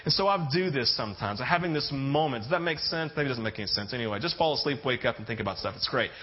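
A man's voice: medium pitch, expressive, quick pace. A man preaching a sermon as a pastor, telling stories in a conversational way and often checking in with "right?". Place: church sanctuary with congregation. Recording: dull lo-fi sound.

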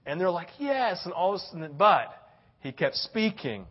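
An older man preaching a sermon, animated and acting out little voices, tossing in "right?" after many lines. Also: high voice, moderate pace, highs cut off. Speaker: pastor.

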